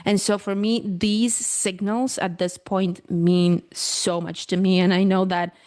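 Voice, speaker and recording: A woman's voice: mid-range voice, level tone, a little mellow. Congested woman with a Balkan accent. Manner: earnest, deliberate, with conscious pauses. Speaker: author and guest. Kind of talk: casual interview conversation.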